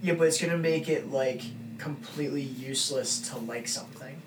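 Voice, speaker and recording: A man's voice: mid-range voice, moderate pace. A man co-hosting a casual podcast chat, cutting in with dry jokes. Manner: wisecracking, interjecting with jokes. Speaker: podcast co-host. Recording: roomy sound from off-mic with faint room noise.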